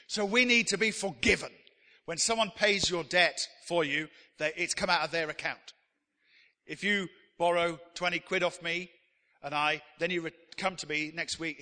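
A man delivers an emphatic sermon in a sharp, forceful voice that sits a little high. He calls on the congregation to speak lines back with him, and his words carry a long reverb through a large church hall. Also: expressive, normal speed. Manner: emphatic, leads the congregation in call-and-response. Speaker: pastor.

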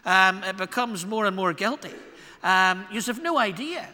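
A Northern Irish man preaching in a church, his bright, high voice carrying a long reverb through the hall. He delivers the sermon wryly and with a self-deprecating touch, leaning hard on some words and dropping low on others. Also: lively intonation, normal speed. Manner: wry, self-deprecating, varied emphasis. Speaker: pastor.

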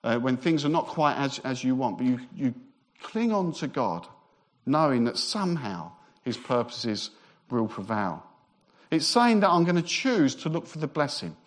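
A man preaching a Christmas sermon as pastor, emphatic and repetitive, with relaxed humorous asides. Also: medium pitch, moderate pace. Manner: emphatic, repeats phrases for effect; conversational asides with light humour.

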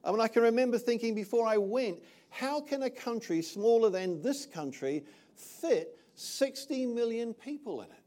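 Older male pastor from New Zealand, high voice, casual sermon delivery. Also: expressive, normal speed, warm tone. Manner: conversational, checks in with "all right?".

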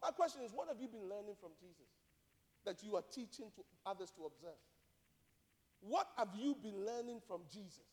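A man's voice: high-pitched, animated, a little fast, darkish tone, long reverb tail. A male pastor preaching a sermon, emphatic and direct, repeating key phrases and asking rhetorical questions.

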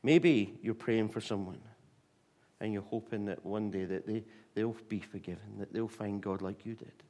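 A man preaching a sermon, telling a Bible story in a lively way with restarts and fillers. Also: on the low side, normal speed.

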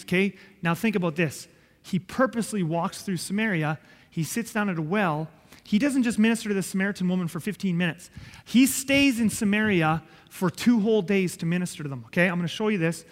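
Heard in a big-room sound, a high-pitched male preacher delivers a sermon with emphasis and a conversational tone. He repeats points and keeps checking in with the congregation, asking "okay?"

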